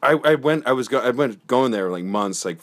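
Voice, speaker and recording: A man of ordinary pitch chatting as a podcast guest. He rambles through stories, stumbling and restarting often, and acts out what other people said. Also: brisk. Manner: rambling, lots of fillers and restarts, animated quoting. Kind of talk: casual storytelling chat.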